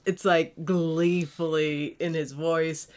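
A woman in casual chat as a podcast co-host, gushing and quick to laugh. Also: deep voice, flat delivery, darkish tone. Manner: slow, gushing, laughs easily.

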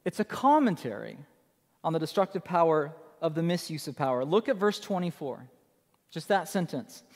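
A man's voice: on the high side, big pitch swings, normal speed, darkish tone, long reverb tail. A man preaching a sermon as pastor, emphatic and conversational, repeating his key phrases for effect.

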